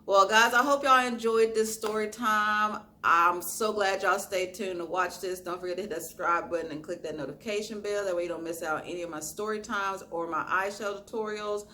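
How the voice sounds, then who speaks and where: A woman's voice: mid-range voice, fairly quick, hardly any pauses. A young woman vlogger telling a story to her viewers in a casual way, acting out what people said. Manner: animated storytelling, acting out quoted lines.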